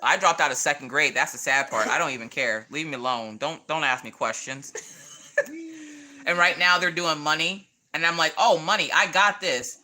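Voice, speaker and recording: Middle-aged Southern woman host, bright sassy chatter, lower voice. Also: normal speed. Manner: chatty, sassy, laughs often, jokey asides. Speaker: craft livestream host. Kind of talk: casual chat while coloring.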